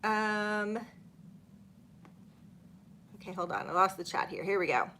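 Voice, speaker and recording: A woman's voice: mid-range voice, measured pace, bright, forceful tone, a little hiss or hum. A middle-aged woman, hosting a casual live stream, chatting and laughing as she reads viewer comments. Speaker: channel host.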